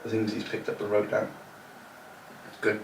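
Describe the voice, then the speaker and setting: A man's voice: on the low side, completely flat delivery, normal speed, creaky. A man co-hosting a casual podcast, sounding bunged up with a cold and laughing easily with his friends. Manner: laid-back, laughs easily, reads passages aloud. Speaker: podcast co-host. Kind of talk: casual chat. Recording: echoey room, distant mic, faint noise.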